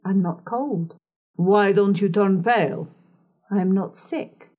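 Woman reads blunt, unimpressed young governess, slow. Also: medium pitch, dark tone, muffled recording. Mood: cool. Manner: curt, unimpressed.

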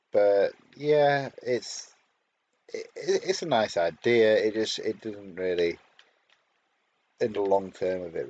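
Low, husky male podcast co-host on a dull lo-fi mic, hesitant and lively. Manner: hesitant, many restarts and fillers. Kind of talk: casual episode review chat.

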